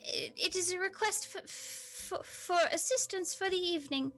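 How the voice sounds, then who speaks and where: A woman's voice: very high-pitched, moderate pace, a bit bright, soft background music, voice pushed up. A woman voicing a timid, skinny young page boy who speaks shakily. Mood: nervous. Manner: shaky, hesitant.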